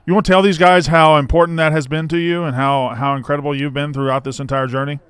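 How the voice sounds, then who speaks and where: A man's voice: fairly high pitch, flat delivery, quick pace, clean tone, no echo. Joking, profane male podcast co-host. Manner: joking, profane, laughs a lot. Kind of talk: casual chat.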